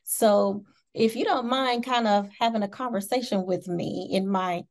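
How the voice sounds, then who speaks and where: A woman's voice: medium pitch, steady tone, a little slow. A woman from Indiana with a Midwestern American accent, hosting an interview in a bubbly, giggly, enthusiastic way. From Indianapolis, Indiana, USA. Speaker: talk show host. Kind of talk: casual interview chat.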